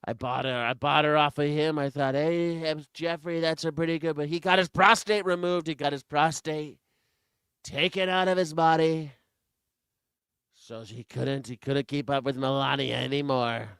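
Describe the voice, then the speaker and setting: A man's voice: a little high, fairly even intonation, normal speed, a bit bright, clean tone, no echo, clean studio sound. A man putting on a mocking impression of a boastful, shameless older male politician. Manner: mocking, bragging caricature.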